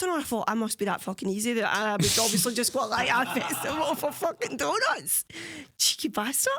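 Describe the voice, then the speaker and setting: A Scottish woman co-hosting a podcast, telling stories in casual chat, animated and swearing freely. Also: on the high side, fast talker. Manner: animated storytelling, swears freely, imitates others. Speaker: podcast co-host.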